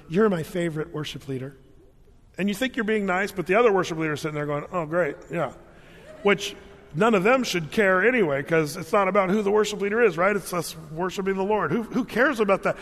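Male pastor, casual funny sermon delivery, higher-pitched voice, long reverb. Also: a bit bright. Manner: humorous storytelling, conversational. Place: large church hall.

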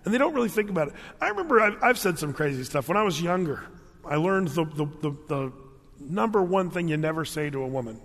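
Male pastor, casual funny sermon delivery, higher-pitched voice, long reverb. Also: very animated, quick pace, fairly bright tone. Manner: humorous storytelling, conversational. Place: large church hall.

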